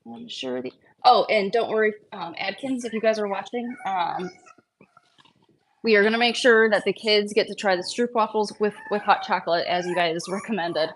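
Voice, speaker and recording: A woman breeding dogs who chats on a casual live stream at home, switching between high sing-song baby talk to puppies and low chatty asides. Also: moderate pace, a little hiss or hum, poor audio.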